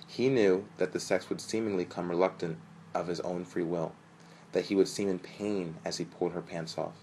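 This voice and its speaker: A man reading a story aloud as narrator, in a steady, measured way. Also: deep voice, a little hiss or hum, rough recording.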